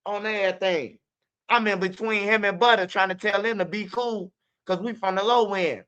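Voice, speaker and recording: A man hosting a news commentary stream, telling street stories in a loose, animated way. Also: sits high, normal speed, smooth. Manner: animated, acts out fight sounds and quotes. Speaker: commentary channel host. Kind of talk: casual storytelling commentary. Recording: dull lo-fi audio.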